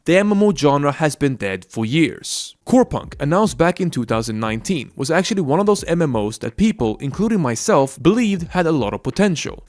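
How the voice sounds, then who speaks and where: A man's voice: a little high, darkish tone. A young man hosting a video essay on games, speaking in a frank, complaining commentary style. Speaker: gaming YouTuber.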